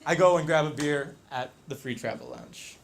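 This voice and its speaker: A man telling a story on stage, lively, acting out the voices and laughing along. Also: on the high side, moderate pace, creaky, very noisy. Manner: animated, acts out quotes, laughs along. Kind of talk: live storytelling performance.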